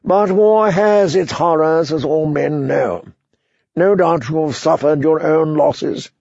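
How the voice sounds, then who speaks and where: A man voicing a frightened, pompous older high-born lord who pleads in a shrill voice. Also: slow pace, creaky, a little mellow, dry recording, highs cut off, exaggerated voice. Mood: fussy, self-pitying. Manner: shrill pleading, then fussy self-pity.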